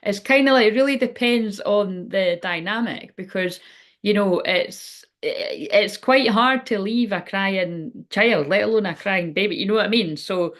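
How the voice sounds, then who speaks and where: A woman's voice: medium pitch, unhurried. A middle-aged woman giving a casual tarot reading, rambling and frank, swearing freely. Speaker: tarot reader. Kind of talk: casual spiritual reading chat.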